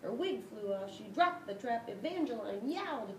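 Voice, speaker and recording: A woman reading a dog's storybook aloud in the first person, expressive, with sudden shouts and yelps, recorded in an echoey room from a distance with a rumble behind. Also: normal speed. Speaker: storybook reader. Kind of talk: reading a picture book aloud.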